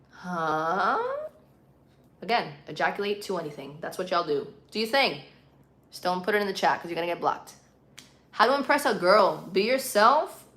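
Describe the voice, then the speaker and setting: A woman's voice: lowish voice, fairly bright tone, echoey room. Young adult woman streamer, bilingual, casual chat read off comments, leans on words for emphasis. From Puerto Rican and Colombian, living in the US. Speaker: live streamer.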